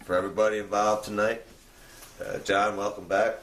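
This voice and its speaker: A man anchoring a spoof news show in a deadpan delivery, with a light chuckle now and then. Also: fairly low pitch, fairly quick, slight background noise. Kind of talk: mock newscast. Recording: echoey room with faint ambience.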